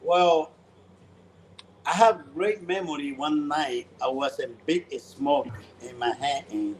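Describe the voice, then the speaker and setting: A man's voice: a little high, slow pace, slight background noise, low-quality recording. A man who owns a cigar lounge, talking in a casual interview and telling stories animatedly in broken English.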